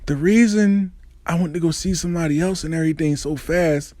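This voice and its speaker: Man voicing a soft-spoken woman making excuses, low key. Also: steady tone, brisk, no room sound, lightly acted. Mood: explaining. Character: soft-spoken girlfriend explaining herself, a woman.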